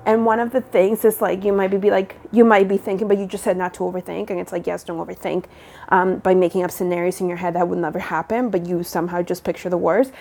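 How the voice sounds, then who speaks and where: A woman's voice: fairly low pitch, steady tone, quick pace, gravelly, dark tone. A young woman talking candidly to her viewers from home, rambling with many fillers and ending up encouraging. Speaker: vlogger. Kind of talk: casual personal talk to viewers.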